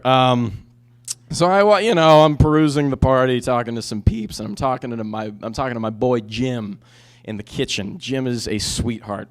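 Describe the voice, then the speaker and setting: A man in his twenties performs a stand-up comedy set, telling a rambling story full of restarts and asides as he keeps interrupting himself. His voice is medium in pitch and his speed normal.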